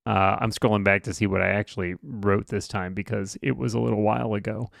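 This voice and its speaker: A man's voice: lowish voice, fairly even intonation, fairly quick, vocal fry, no echo, clean studio sound. A man co-hosting a podcast, chatting casually and jokingly about tech, often correcting himself mid-sentence. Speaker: podcast co-host. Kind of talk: casual chat.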